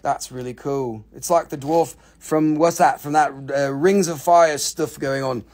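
A man's voice: fairly high pitch, steady tone, unhurried, a little mellow. A man hosting a live rock sale in a casual, joking way, cursing freely and slipping into playful put-on accents. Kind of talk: casual live sales stream.

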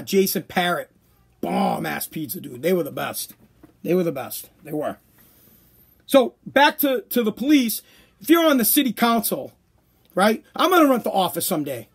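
Man in his 30s, podcast host, high-pitched, worn-out voice, profane sarcastic rant. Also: slightly rough. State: tired, voice worn out. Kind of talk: casual profane monologue.

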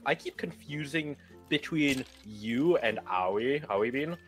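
A co-streamer chatting on a livestream, halting and curious, restarting phrases often. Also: mid-range voice, lively intonation, faint music behind. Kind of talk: casual chat on a livestream.

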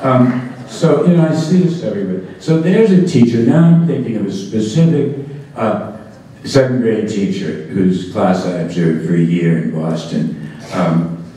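Deep-voiced man telling stories in an echoey hall. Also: a little slow, mellow, a little hiss or hum. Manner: wry, amused storytelling. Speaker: education speaker. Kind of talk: storytelling talk to an audience. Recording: echoey hall, distant mic.

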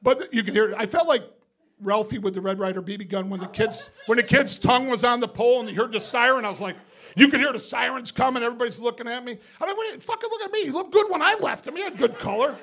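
A man's voice: very high voice, fast, a bit bright. A male stand-up comedian telling a profane story on stage in a comedy club, laughing through his punchlines. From Binghamton, New York.

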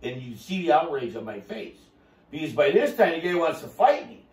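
A man's voice: fairly high pitch, big pitch swings, brisk, darkish tone, echoey room, far from the mic. A man telling his story on a podcast, boisterous and rambling, with a salesman's flourish. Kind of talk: casual chat.

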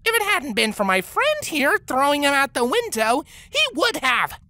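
A man's voice: very high voice, wildly swooping pitch, moderate pace, bright, forceful tone, no echo, voice pushed up, heavily acted. A man voicing a defiant young female dragon hatchling who snaps indignantly. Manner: indignant, snapping. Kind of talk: audiobook character voice.

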